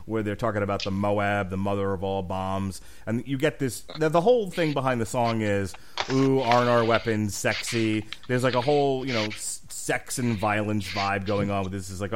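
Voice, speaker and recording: A man's voice: lowish voice, normal speed, slight background noise. A man hosting a casual music review podcast, joking around between songs. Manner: joking, does goofy voices. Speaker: podcast host.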